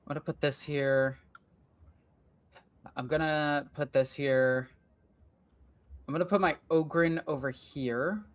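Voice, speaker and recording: A woman's voice: low voice, fairly even intonation, slow pace, pauses often. A woman hosting a gaming channel, talking to herself through a strategy game, frustrated and swearing as she plans her moves. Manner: frustrated, thinking aloud, swearing. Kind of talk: let's play commentary.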